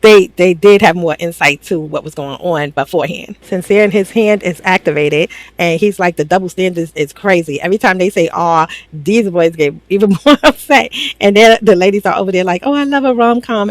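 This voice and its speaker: A woman's voice: fairly low pitch, normal speed, no room sound. Sassy woman dishing on reality TV. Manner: animated, sassy, laughs often, swears. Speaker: reality TV commentator. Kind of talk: casual recap commentary.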